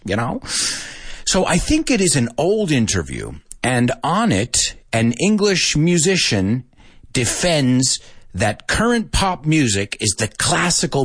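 Male live-stream teacher, husky voice, animated intonation, chatty and prone to laughter. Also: on the low side. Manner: lively, chatty, laughs often, switches between two languages. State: parent of a young daughter. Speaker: language teacher. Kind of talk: live lesson reading viewer comments.

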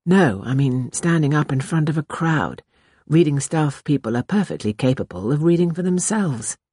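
An anxious, tender young man, as a woman narrator puts him on, speaking low and earnestly in a hush. The voice stays husky and soft. It is heard close and dry, as in a storybook reading. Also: lively intonation, moderate pace, no room sound. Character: anxious young male writer, tender lover.

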